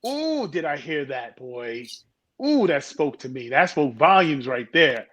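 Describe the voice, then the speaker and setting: High-pitched guy on a podcast, emphatic, joking around, punches his words. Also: sing-song, a little slow, a bit bright, highs cut off. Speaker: podcast co-host. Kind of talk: casual discussion.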